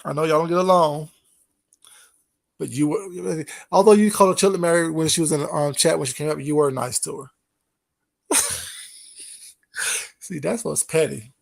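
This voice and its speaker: A man's voice: fairly high pitch, steady tone, moderate pace, vocal fry, pauses often. A man hosting a casual late-night livestream, gossiping with his chat in a teasing way and laughing often. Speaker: livestream host talking to chat.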